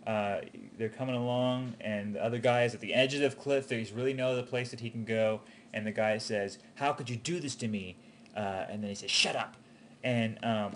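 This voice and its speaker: A man's voice: mid-range voice, a little hiss or hum. Hesitant man giving casual critique. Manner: hesitant, full of ums and restarts, encouraging. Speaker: animation instructor giving feedback.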